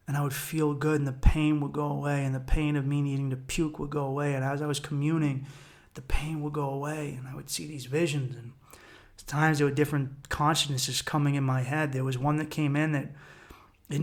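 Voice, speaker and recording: A man's voice: fairly high pitch, steady tone, normal speed. A man in his thirties hosting a solo podcast, telling a personal story in an intense, profane way and acting out his own inner voices. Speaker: podcast host.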